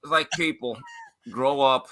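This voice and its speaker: A man's voice: mid-range voice, unhurried, bright, forceful tone. A man speaking as a guest sports commentator on a talk show, opinionated and emphatic, mocking others in casual chat.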